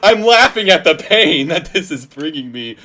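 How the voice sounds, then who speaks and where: A man's voice: fairly high pitch, sing-song, moderate pace, pushed and bright. A man reacting to a video with casual, sarcastic, exasperated commentary. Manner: exasperated, sarcastic, mumbles trailing asides. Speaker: reaction channel host.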